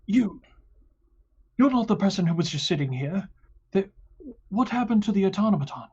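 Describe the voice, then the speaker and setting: A man plays a sword-ready city guard in a tabletop game, pitched up and urgent. He barks short commands and questions. The audio is slightly muffled. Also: animated, moderate pace, darkish tone, breathy edge. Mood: alarmed. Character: wary armed city guard, adult man.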